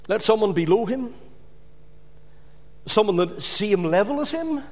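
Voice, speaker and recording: A man preaching a sermon dramatically, swinging between loud emphasis and hushed drops. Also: sits high, in a large hall.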